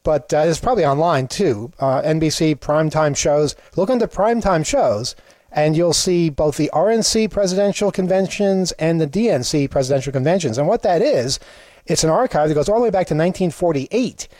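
A man's voice: fairly high pitch, a little fast, a little mellow, no echo. A man hosting a show, chatting casually in a playfully indignant, rambling way. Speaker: show host. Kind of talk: casual comedic chat.

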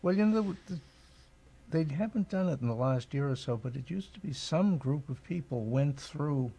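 A male guest on a radio talk show tells a story from memory. His voice is dark and husky, with a gravelly edge. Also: a little high, expressive, normal speed. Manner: reminiscing, anecdotal. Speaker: studio guest.

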